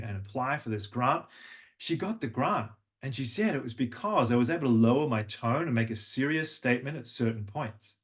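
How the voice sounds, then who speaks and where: Patient man coaching voice exercises. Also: medium pitch. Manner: patient, instructive, talks participants through exercises. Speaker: language and voice coach. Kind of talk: live vocal coaching workshop.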